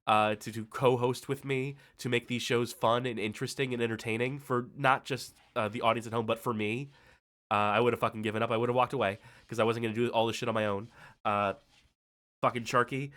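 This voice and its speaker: A man's voice: mid-range voice, fairly bright tone. Rambling, swearing male streamer host. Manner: heavy swearing, rambling, halting with many fillers. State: tired and emotional. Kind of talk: casual stream thank-you speech.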